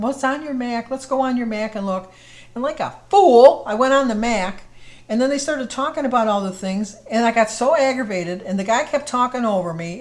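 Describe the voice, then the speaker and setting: An older woman vlogger telling a rambling, exasperated story in a casual chat to camera. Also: mid-range voice. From United States. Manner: chatty, exasperated, rambling with restarts.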